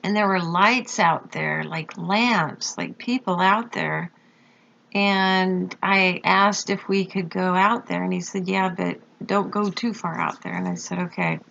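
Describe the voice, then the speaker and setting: Slow, gravelly woman telling her story. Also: lowish voice, lively intonation, fairly bright tone. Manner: halting, with many fillers and pauses. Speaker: storyteller recounting a near-death experience. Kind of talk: slow personal testimony. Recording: dull lo-fi recording.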